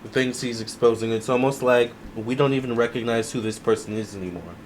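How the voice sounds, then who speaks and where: A man's voice: medium pitch, steady tone, slight background noise. Musing man giving a tarot reading. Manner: musing, unhurried, many fillers. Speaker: tarot reader. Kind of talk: casual tarot reading to camera.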